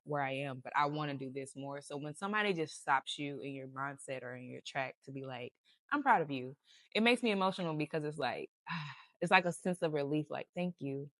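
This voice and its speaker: A woman co-hosting a podcast with her sister, talking earnestly and pausing to search for words. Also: low voice, a bit bright, no room sound, clean studio sound. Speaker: podcast co-host. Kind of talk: casual chat.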